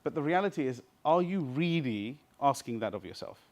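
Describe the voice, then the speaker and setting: A seminar trainer leads a live workshop for a small group in a seminar room, teaching interactively and repeatedly checking that everyone is following. His mid-range voice is animated and a little fast.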